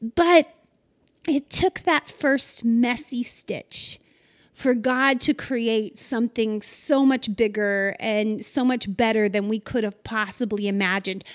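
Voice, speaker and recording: A middle-aged woman leads a spoken devotional, talking straight to her listeners. Her voice sits high and her pace is slow and deliberate. She sounds earnest and encouraging throughout. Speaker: devotional host.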